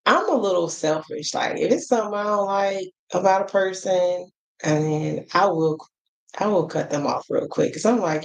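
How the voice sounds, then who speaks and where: American woman, black american accent, talking frank to the camera, lowish voice, lotta ums and asides. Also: normal speed, low-quality recording. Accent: African American English. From United States. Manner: chatty, frank, lots of fillers and asides. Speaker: travel vlogger. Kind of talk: casual advice chat to camera.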